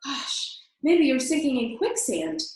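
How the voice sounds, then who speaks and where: A woman doing an eager little boy, high and earnest. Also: very animated, a little slow, darkish tone. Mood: urgent. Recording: very echoey room.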